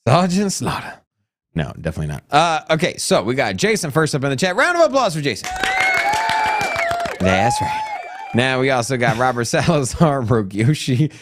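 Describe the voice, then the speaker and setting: Animated man hosting a crypto livestream. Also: mid-range voice, brisk. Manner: loud, playful, hype greetings. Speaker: co-host. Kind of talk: casual livestream chat.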